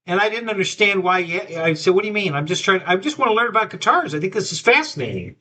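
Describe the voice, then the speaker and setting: A man's voice: high-pitched, very animated, quick pace, bright, forceful tone, slight background noise. A man hosting a live stream, rambling through a story with lots of restarts and quoted back-and-forth. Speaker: host. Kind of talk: casual live-stream chat.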